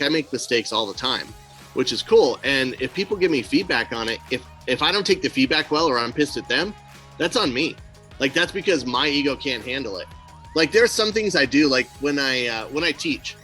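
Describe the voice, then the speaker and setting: A man co-hosting a casual podcast, telling stories with acted-out quotes and blunt, swearing asides. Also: mid-range voice. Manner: animated storyteller, acts out quotes. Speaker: podcast co-host. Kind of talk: casual chat.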